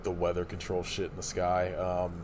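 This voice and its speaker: A man's voice: deep voice, completely flat delivery, normal speed, noisy background. A man co-hosting a podcast in laid-back, rambling chat, swearing freely. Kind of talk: casual film chat.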